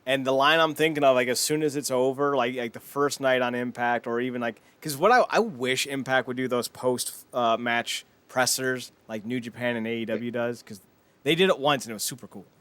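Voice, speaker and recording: A man's voice: mid-range voice, fairly quick, fairly bright tone, clean tone. A man co-hosting a wrestling podcast, talking eagerly in casual chat and packing his speech with fillers. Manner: eager, filler-heavy talk with quoted asides. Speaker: podcast co-host.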